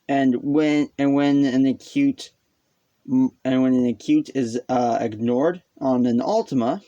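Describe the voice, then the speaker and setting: A man's voice: mid-range voice, dark tone. A man casually explaining what he has taught himself, rambling and hesitant, poking fun at himself and sounding out vowels aloud as he goes. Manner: rambling, hesitant, self-deprecating. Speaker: hobbyist explaining a language.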